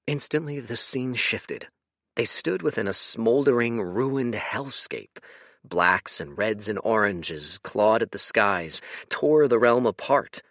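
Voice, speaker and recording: Man, audiobook narration, scripted, animated pitch, dry close mic. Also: slow pace, dry recording. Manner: expressive, shifts voice for characters.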